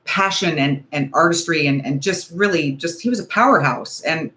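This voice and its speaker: A woman's voice: sits low, normal speed, sharp tone. A woman in her forties hosting a casual beauty livestream, talking in a nervous, rambling, hedging way. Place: home, ring light.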